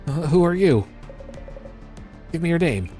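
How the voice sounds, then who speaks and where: A cocky young streamer mouths off brashly and mockingly, as a man voices him. His pitch is lowish. Soft game music plays behind. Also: animated, quick pace, close to an everyday voice.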